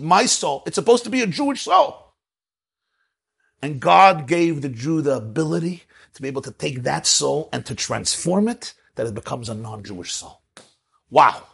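A rabbi delivering a lively Torah lecture in a somewhat high, husky man's voice. His pitch swings widely as he moves from soft asides to emphatic declarations. The delivery is animated throughout. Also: normal speed.

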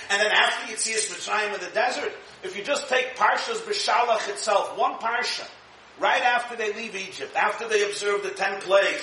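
Man, sermon, high bright voice, dramatic delivery, echoey room, mic a bit distant, faint hiss. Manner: dramatic, shifts into acted quotes with rising pitch. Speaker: rabbi. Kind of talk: animated sermon.

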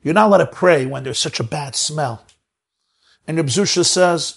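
A man's voice: fairly high pitch, moderate pace, gravelly, breathy edge. A man giving a spiritual talk, telling stories in an emphatic way and stacking up repeated phrases. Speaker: spiritual teacher. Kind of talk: sermon storytelling.

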